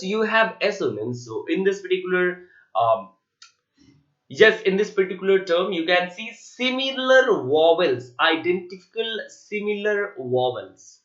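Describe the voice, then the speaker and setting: A man's voice: on the high side, pushed and bright. A man with an Indian English accent teaching an online literature lesson, spelling words letter by letter and asking his learners rhetorical questions. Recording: echoey room, muffled lo-fi sound.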